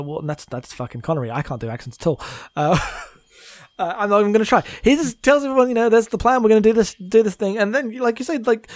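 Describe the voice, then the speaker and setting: A man's voice: a little high, no echo, studio quality. A man co-hosting a casual film discussion podcast, loose and laughing, swearing freely. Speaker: podcast co-host.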